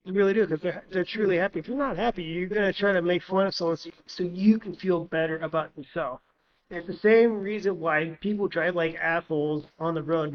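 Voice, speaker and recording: A man co-hosting a podcast, explaining his views in a steady, opinionated way during a casual chat. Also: sits high, dull audio.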